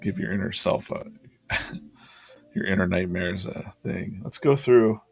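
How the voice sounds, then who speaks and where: A man's voice: sits low, normal speed, creaky, a little mellow. A man hosting a drawing livestream, chatting casually and laughing as he rambles through his past sketches.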